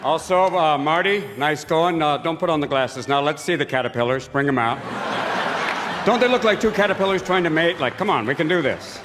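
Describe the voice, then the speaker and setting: Comedian, manic, rapid-fire, slightly high voice, noisy live recording. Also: male voice, animated, big-room sound, crowd noise. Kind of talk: stand-up and talk-show comedy.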